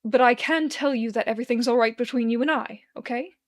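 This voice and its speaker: A woman voicing a kindly, composed man who speaks gently and reassuringly. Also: a little high, fairly quick, lightly acted. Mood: soothing.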